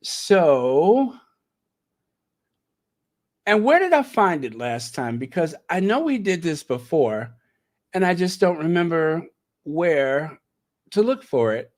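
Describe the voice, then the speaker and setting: His fairly high voice has a sing-song lilt and a slightly mellow quality, and he takes his time with frequent pauses. The speaker is a male channel host giving casual live reactions, chatting and thinking aloud to his viewers.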